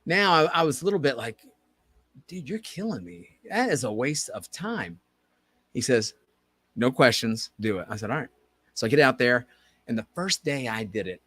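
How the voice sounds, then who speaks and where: A man co-hosting a podcast tells a long story in easy conversation, slipping into the voices of the people he quotes. His voice sits a touch higher than usual for a man, and the recording is dry and close. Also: no room sound. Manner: animated, acts out quoted dialogue. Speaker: podcast co-host. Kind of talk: casual storytelling chat.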